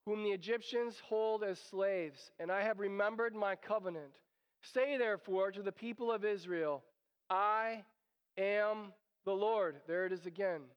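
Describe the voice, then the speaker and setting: High, smooth-voiced male preacher in a hall. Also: normal speed, highs cut off. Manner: conversational, explains scripture with emphatic repetition. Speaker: pastor. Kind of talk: expository sermon. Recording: long reverb of a large hall.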